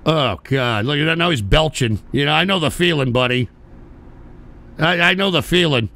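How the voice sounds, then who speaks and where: A man hosting a live stream, loudly mocking and narrating what he sees on another streamer's feed. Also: a little high, expressive, normal speed, gravelly. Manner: mocking, exclaiming, puts on a slurred British drawl. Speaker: streamer host. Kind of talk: excited live-stream commentary.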